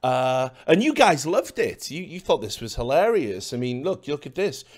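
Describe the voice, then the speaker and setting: A man's voice: medium pitch, big pitch swings, moderate pace. A man hosting a commentary video, ranting in a sarcastic, profane and scornful way at his audience.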